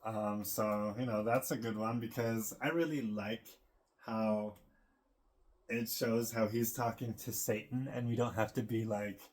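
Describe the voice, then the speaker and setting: A man's voice: fairly low pitch, steady tone, unhurried. A man vlogging in a casual, meandering monologue, full of fillers and frequent laughs. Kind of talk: casual rambling monologue to camera.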